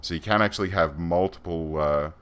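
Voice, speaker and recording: A man's voice: low voice, a little fast, a bit bright, clean tone. An Australian man giving chatty, rambling gameplay commentary as a let's play host, self-deprecating and loose.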